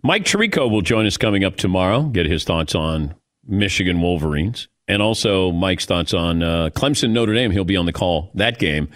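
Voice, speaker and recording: A man hosting a sports talk show, chatting casually and telling lively stories. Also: deep voice, normal speed, dry recording, clean studio sound. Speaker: sports radio host.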